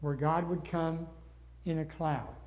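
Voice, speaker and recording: A man's voice: on the high side, steady tone, slow, a little mellow. An older man from the northern United States leading a Bible study lecture. He teaches earnestly and gets wound up as he goes.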